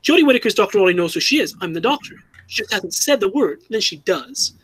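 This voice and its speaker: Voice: mid-range voice, very animated, fast talker, a bit bright, husky, rough recording. A fan commentator giving an earnest, critical opinion, often restarting and correcting themselves mid-sentence.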